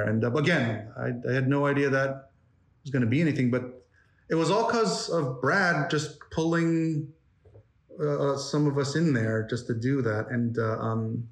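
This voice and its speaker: A man in his forties from New York, chatting as an interview guest in a rambling way with many fillers and restarts. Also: mid-range voice. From New York, United States. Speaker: interview guest, animation story artist. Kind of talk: casual interview chat. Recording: roomy echo.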